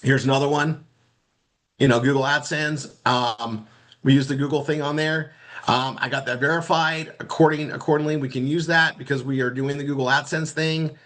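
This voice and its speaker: A man teaching marketing in a casual screen-share walkthrough, rambling and halting, often repeating words as he clicks around. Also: medium pitch, fairly even intonation, fairly bright tone. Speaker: marketing instructor.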